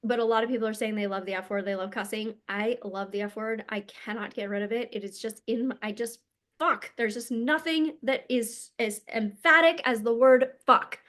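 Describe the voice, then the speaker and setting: Casting: woman energy coach, higher-pitched, blunt and emphatic, casual swearing monologue. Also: fairly even intonation, brisk, hardly any pauses, fairly bright tone.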